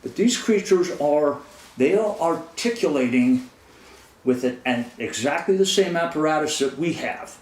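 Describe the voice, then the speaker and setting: A man's voice: fairly high pitch, expressive, measured pace, a little mellow. A man giving an earnest, analytical explanatory talk as a presenter. He restarts his phrases and checks in with "right?". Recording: roomy echo.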